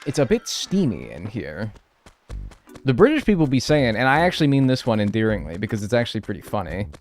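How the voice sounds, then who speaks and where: A man's voice: on the low side, very animated, brisk, faint music behind. A man streaming a game live, chatting casually and joking with his chat from his room.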